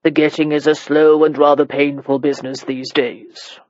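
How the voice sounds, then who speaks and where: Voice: medium pitch, little pitch movement, normal speed, a little mellow, dry recording, dull audio, lightly acted. A reader voicing a blunt, commanding elderly marquis in an audiobook. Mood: gruff. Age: older. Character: gruff elderly male marquis, imperious and sharp-tongued. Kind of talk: audiobook character reading.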